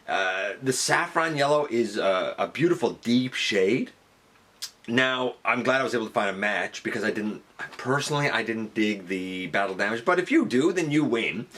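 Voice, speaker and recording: A man giving a casual product review, talking it through conversationally and jumping up in pitch on the words he stresses. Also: a bit bright. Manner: conversational, weighing pros and cons, pitch jumping up on emphasis. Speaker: toy reviewer.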